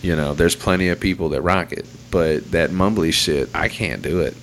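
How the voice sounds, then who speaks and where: Profane, ranting man with a low voice. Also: normal speed, fairly bright tone, a little hiss or hum. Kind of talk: casual podcast banter.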